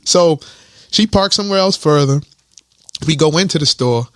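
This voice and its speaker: A man's voice: on the high side, animated, moderate pace, a bit bright, no echo, clean studio sound. A man co-hosting a podcast, telling a story in casual chat, laughing, teasing and swearing freely. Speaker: podcast co-host.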